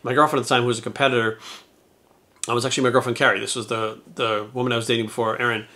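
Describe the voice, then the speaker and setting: A man's voice: mid-range voice, flat delivery, very fast, pushed and bright. A man who is a YouTuber and retired bodybuilder, telling a story to his viewers in a candid, profane, rambling way. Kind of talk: casual storytelling to camera.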